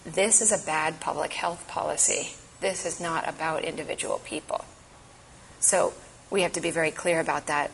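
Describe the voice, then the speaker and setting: Earnest, low-voiced woman speaking in church. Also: fairly even intonation, moderate pace, creaky, a little hiss or hum, poor audio. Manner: earnest, emphatic, urgent. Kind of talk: impassioned advocacy talk.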